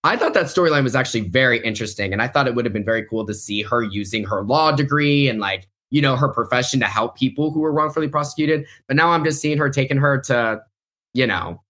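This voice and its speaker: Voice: medium pitch, quick pace, a bit bright. A podcast host in casual pop-culture chat, talking in a chatty way, filling the talk with "like" and laughing often.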